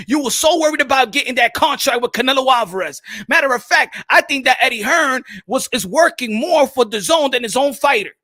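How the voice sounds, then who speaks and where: A young man hosting a boxing talk stream, animated and swearing freely as he reads the chat. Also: very high voice. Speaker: boxing commentator host.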